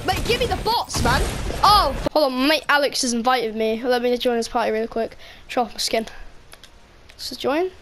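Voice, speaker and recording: A woman giving excitable, cheeky live commentary over a game she is playing. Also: high-pitched, normal speed, a little hiss or hum. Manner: excitable, cheeky banter with other players. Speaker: gaming video creator.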